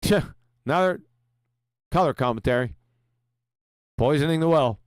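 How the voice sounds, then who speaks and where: A man's voice: on the high side, moderate pace, smooth, no room sound, studio quality. A man hosting a livestream, mocking his opponent with profanity and reading super chats aloud with frequent laughs. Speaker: livestream host.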